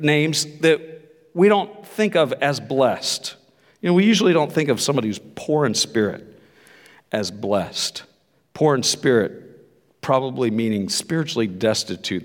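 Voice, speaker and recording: A man's voice: a little high, in a large hall. A man pastor preaching a sermon in a conversational, reflective way. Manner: conversational, reflective, with frequent restarts.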